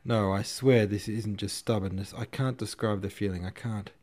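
A man's voice: fairly low pitch, fairly even intonation, moderate pace, a little mellow, close to an everyday voice. A man playing a proud young count, flustered and stammering, pleading in a raised voice. An audiobook officer. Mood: imploring. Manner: stammering, imploring.

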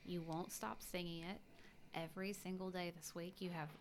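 A woman's voice: fairly low pitch, little pitch movement, normal speed, slight background noise. A woman co-hosting a casual podcast, chatty and rambling, laughing often. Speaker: podcast co-host. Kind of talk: casual chat.

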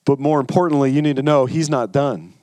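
A man's voice: mid-range voice, fairly quick, a little mellow, dry recording. A man pastor delivering a sermon in a conversational way, often stammering and repeating words.

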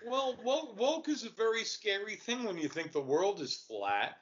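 A man's voice: high voice, big pitch swings, moderate pace. A man joining a casual movie chat, joking dryly and stumbling over his restarts. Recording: dull lo-fi recording with faint hiss.

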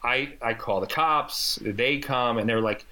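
A man telling a long story in casual chat, animated and sarcastic, acting out the people he quotes. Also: medium pitch, measured pace. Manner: animated, acts out quoted voices, jokey and sarcastic.

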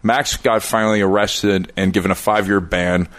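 A man's voice: fairly low pitch, steady tone, moderate pace, a bit bright, no room sound. A Canadian-raised man in his thirties, a guest telling a long, rambling, profane story with restarts. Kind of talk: casual storytelling.

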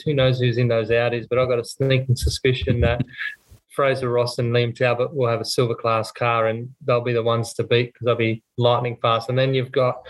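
A man guesting on a podcast, voice sitting in a middle register. He talks in an upbeat, chatty way with frequent quick restarts. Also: mid-range voice, poor audio. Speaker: guest, racing team part owner. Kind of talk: casual podcast interview.

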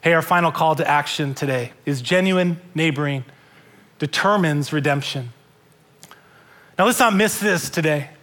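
A man's voice: fairly high pitch, normal speed, pauses often, a bit bright. A male pastor delivering a church sermon in an earnest way, often repeating and restarting words.

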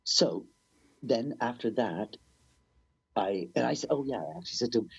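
A man telling stories in a rambling, animated way, swearing freely and acting out the people in them. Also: medium pitch, normal speed, vocal fry, husky, dry recording, lo-fi sound. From Canada. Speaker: musician guest. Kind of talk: casual storytelling interview.

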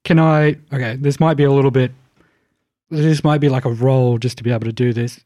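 A man's voice: medium pitch, fairly even intonation, a little fast, dark tone, no room sound. A man playing a tabletop game, talking casually, thinking aloud and swearing freely. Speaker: player.

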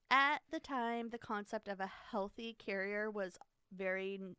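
A woman's voice: medium pitch, normal speed, sharp tone, clear, resonant tone, no echo. A woman casually retelling a history story to a friend, chatty and giggly with frequent fillers and restarts. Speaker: podcast co-host telling a history story.

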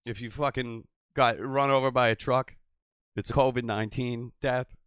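A man hosting a call-in show, rambling and swearing, swinging from mutters to loud outbursts. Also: medium pitch, steady tone, normal speed, clear, resonant tone, no room sound, clean studio sound. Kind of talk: profane casual call-in show.

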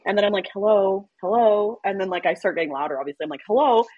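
A woman who works in emergency medical services, chatting casually on a podcast as an animated storyteller who laughs often. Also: fairly low pitch, racing, husky, no room sound, phone-quality sound. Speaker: EMS worker.

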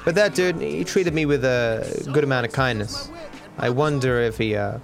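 A man's voice: medium pitch, normal speed, creaky, faint music behind. A young man, a streamer rambling casually, candid and self-deprecating, swearing freely.

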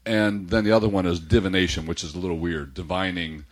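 An older American man in casual conversation about books, relaxed and rambling, now and then reading a passage aloud. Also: low voice, quick pace. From United States.

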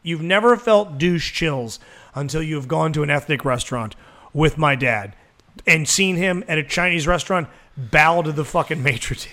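A man's voice: on the high side, moderate pace. A man co-hosting a podcast, ranting casually with lots of swearing. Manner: profane, animated ranting. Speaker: podcast co-host. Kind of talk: casual chat.

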